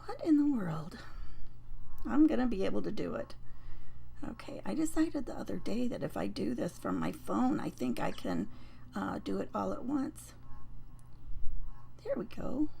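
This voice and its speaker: A woman hosting a papercraft live stream, chatting casually and rambling with many fillers and restarts, her voice a bit croaky. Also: on the high side, a little mellow. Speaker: host of a papercraft livestream.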